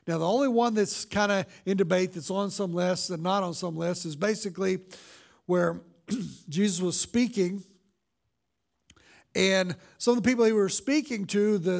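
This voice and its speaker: A pastor giving a conversational sermon, with loose fillers and slow, dramatic readings of scripture lines. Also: male voice, sits high, creaky, a little mellow.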